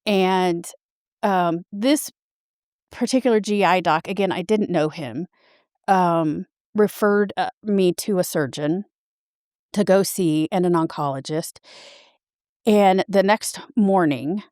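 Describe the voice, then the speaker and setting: A woman in her fifties telling a personal story as a podcast guest, earnest and halting, often restarting her sentences. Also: fairly low pitch, a little mellow, dry recording, clean studio sound. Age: 50s.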